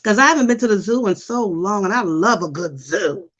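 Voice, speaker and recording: A woman hosting a casual live stream, chatting and reacting in an animated, talkative way. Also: medium pitch, brisk, dull audio. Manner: chatty, animated, imitates voices for effect. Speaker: host.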